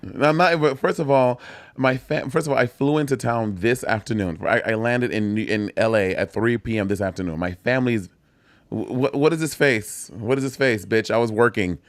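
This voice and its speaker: A man co-hosting a podcast in casual chat, talking with animated, sassy banter. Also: mid-range voice, moderate pace, no room sound. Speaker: podcast co-host.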